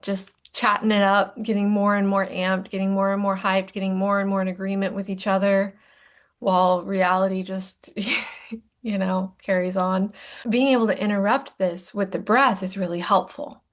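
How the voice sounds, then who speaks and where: A woman coaching through a recorded lesson on emotions, talking in a playful, self-mocking way and now and then dropping to a soft whisper for emphasis. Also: mid-range voice, flat delivery, moderate pace.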